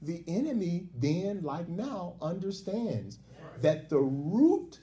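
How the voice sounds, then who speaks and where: A man's voice: high voice, big pitch swings, slow pace, dark tone. A man, a minister, preaching a lecture-style sermon with joking asides and call-and-response. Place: hall with a live congregation. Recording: echoey hall.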